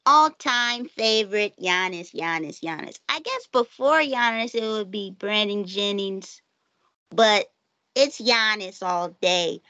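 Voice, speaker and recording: A woman hosting a casual podcast chat, playful and quick to laugh. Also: medium pitch, sharp tone, no room sound.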